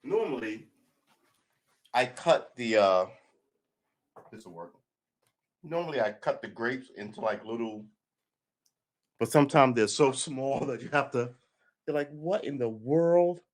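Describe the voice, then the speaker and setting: A man's voice: mid-range voice, expressive, unhurried, long pauses. A man chatting casually on a home live stream, rambling and joking as he snacks, often laughing. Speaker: vlogger.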